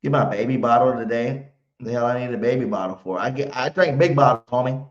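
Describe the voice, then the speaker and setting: A man's voice: medium pitch, a little fast. A man hosting a live fan pregame stream, talking brash, slangy trash with heavy emphasis. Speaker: sports stream host. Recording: roomy, muffled home stream audio.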